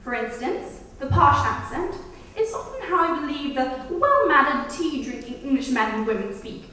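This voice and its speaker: A woman's voice: sits high, expressive, brisk, fairly bright tone. A woman student giving an emphatic prepared speech at a school competition, now and then slipping into mock accents. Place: school hall. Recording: echoey hall, voice from far off.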